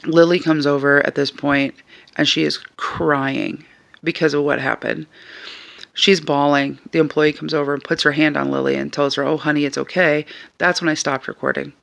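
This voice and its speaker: A man telling a story in a casual, animated and exasperated way. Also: on the high side, moderate pace, vocal fry. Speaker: vlogger.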